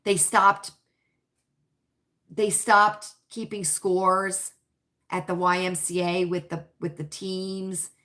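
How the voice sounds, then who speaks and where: Slow-talking, emphatic woman livestream host. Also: on the low side, flat delivery, sharp tone. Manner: emphatic, repetitive, opinionated. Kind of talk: casual livestream chat, reading viewer comments.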